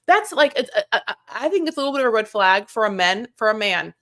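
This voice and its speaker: A woman's voice: fairly high pitch, very animated, fast, fairly bright tone. A woman co-hosting a podcast in casual recap chat, sarcastic and chatty, acting out other people's lines. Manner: chatty, sarcastic, acts out cast members' lines. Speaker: podcast co-host.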